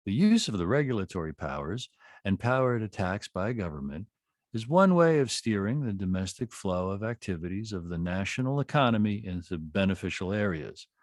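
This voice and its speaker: A man reading a text aloud to a study group, with expressive and deliberate emphasis. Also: lowish voice, dry recording, studio quality.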